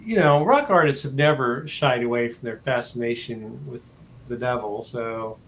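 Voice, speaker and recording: A man's voice: mid-range voice, moderate pace, fairly bright tone, slight background noise, rough recording. Chatty man musing on songs. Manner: chatty, thinking aloud. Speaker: panelist. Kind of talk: casual chat. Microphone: video call.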